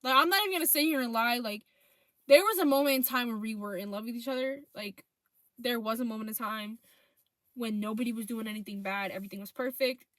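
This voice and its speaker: A young woman tells a storytime about her ex with plenty of swearing and lively retelling. Her voice sits fairly high. The sound is dry and close. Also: fast, dry recording. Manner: profane, animated retelling of texts. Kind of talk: casual storytime vlog.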